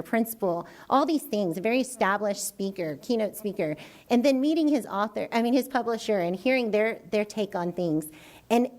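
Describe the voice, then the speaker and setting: A woman educator telling an animated story in a presentation to a school board, acting out her own quoted reactions. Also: a little high. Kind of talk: enthusiastic public presentation. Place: school board meeting room.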